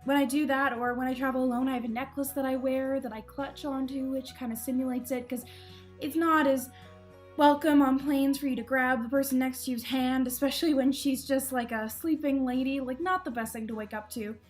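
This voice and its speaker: A woman's voice: high-pitched, fairly even intonation, fairly quick, faint music behind. A young woman casually telling embarrassing travel stories to camera, chatty and self-deprecating, laughing often. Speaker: vlogger.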